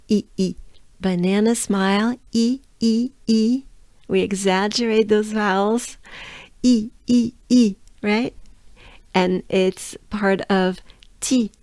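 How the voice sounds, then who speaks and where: Slow, patient French woman teacher. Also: medium pitch, darkish tone, no room sound. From France. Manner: patient, repeats sounds slowly and coaxes the listener to join. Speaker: pronunciation teacher. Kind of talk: slow, drilled pronunciation lesson.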